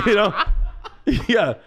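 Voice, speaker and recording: A man telling profane, animated comic stories on a podcast, often breaking into laughter. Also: high voice, very slow, crowd noise. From New York. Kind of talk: podcast storytelling.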